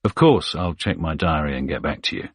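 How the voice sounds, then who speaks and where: A man's voice: a bass voice, animated, a little fast, no room sound, clean studio sound. A man voicing a tired, guarded male journalist who answers curtly. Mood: weary. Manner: weary and curt.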